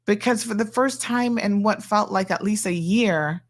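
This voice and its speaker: A middle-aged woman, hosting a talk show and telling a story in a chatty, animated way. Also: medium pitch, moderate pace. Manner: chatty and animated, acting out quoted people. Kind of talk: casual storytelling monologue.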